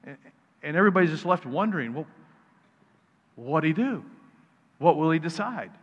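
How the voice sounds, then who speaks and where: Conversational preacher in a reverberant hall. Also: male voice, fairly high pitch, fairly bright tone, slightly rough. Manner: conversational preaching, teasing the audience, repeats words when restarting. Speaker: pastor. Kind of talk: sermon. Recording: reverberant hall, dull sound.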